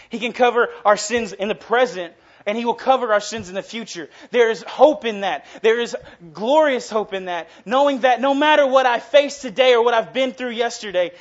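A man's voice: very high-pitched, highs cut off. A young man in his twenties preaching a casual, earnest sermon that swells into passionate emphasis. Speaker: youth preacher.

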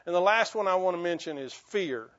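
High-pitched earnest pastor preaching. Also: male voice, expressive, fairly quick, fairly bright tone. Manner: earnest, repetitive restarts, rising to emphatic bursts. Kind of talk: sermon. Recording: dull lo-fi recording.

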